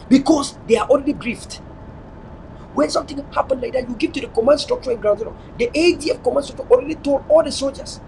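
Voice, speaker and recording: Man, high-pitched, preachy political commentary, faint noise behind. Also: darkish tone, low-quality recording. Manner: preachy, repetitive, mixes in pidgin. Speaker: online show host.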